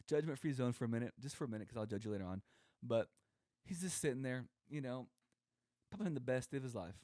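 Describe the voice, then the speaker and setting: A young man with a medium-pitched, darkish voice co-hosts a podcast, delivering a casual comedic monologue. He rambles and jokes while acting out quoted voices, and the sound is clean studio audio without echo.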